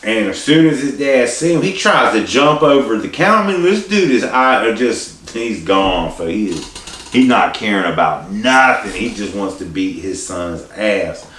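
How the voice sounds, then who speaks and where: A man's voice: fairly low pitch, very animated, unhurried, a bit bright. A man telling a story in a casual, rambling, profane way, with many restarts and asides. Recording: echoey room, distant mic, faint hiss.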